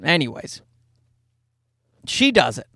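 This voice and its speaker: A man's voice: a little high, very animated, takes it slowly, gravelly, bright, forceful tone, husky, dry recording, studio quality. A man, a father, casually telling a rambling, self-mocking anecdote in a jokey monologue.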